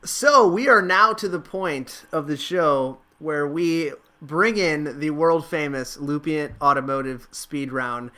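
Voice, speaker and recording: A man's voice: on the high side, slow, few pauses, bright, forceful tone. A man hosting a podcast, introducing the next segment in a showman-like way. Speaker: podcast host.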